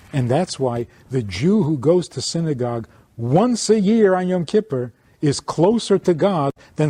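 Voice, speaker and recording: A man, a rabbi, giving an informal teaching talk to a small audience, speaking in an animated way and acting out little dialogues. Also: on the high side, dry recording. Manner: animated, plays out dialogues, chuckles.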